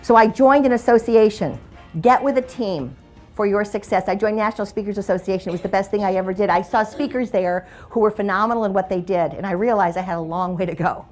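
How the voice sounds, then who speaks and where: A woman's voice: mid-range voice, fast talker, darkish tone, faint music behind. A middle-aged woman giving a humorous keynote talk, telling stories in a playful, conversational way. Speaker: motivational speaker.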